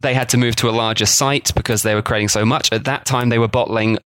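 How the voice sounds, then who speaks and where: A man's voice: mid-range voice, steady tone, fast, a bit bright, clean tone, no room sound. Chatty man telling food history. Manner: chatty storyteller, jokey asides, mock voices for quotes. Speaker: podcast host. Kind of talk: casual history podcast chat.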